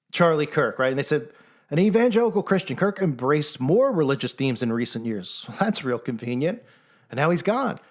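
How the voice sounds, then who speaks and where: Sarcastic male commentator, fairly high voice, animated monologue. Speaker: online commentator.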